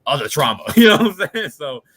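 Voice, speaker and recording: A man's voice: a little high, sing-song, fast talker, a bit bright, slightly rough. A man in his late twenties from Washington DC, a podcast guest telling his life story in a casual, earnest way, often adding "you know what I'm saying". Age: late 20s.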